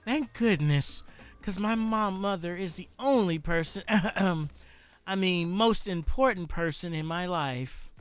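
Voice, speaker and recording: A man voices a shy huntress sweetheart in a raised, sweet tone, drawing her words out softly. Her voice stays smooth and gentle, like a dating sim heroine. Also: sits high, takes it slowly, faint music behind, voice pushed up. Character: shy adoring huntress woman, soft-spoken.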